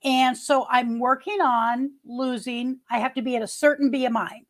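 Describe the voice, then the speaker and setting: A woman's voice: high voice, steady tone, normal speed. A middle-aged woman hosting a casual livestream, chatting with viewers in a rambling way, restarting her sentences often. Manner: greets viewers by name. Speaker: livestream host. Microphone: webcam.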